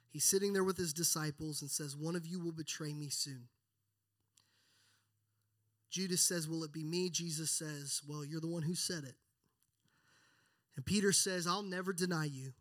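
A man with a slightly higher voice preaches earnestly. He reads scripture passages aloud with feeling, leaning into the words and then easing back to a hushed, reverent tone. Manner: earnest, builds then drops to hushed prayer. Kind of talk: sermon with scripture reading.

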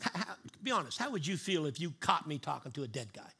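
A male pastor preaching a sermon emphatically, slowing down to stress key words and having the congregation repeat lines after him. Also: fairly high pitch, sing-song, creaky, bright, forceful tone, breathy edge.

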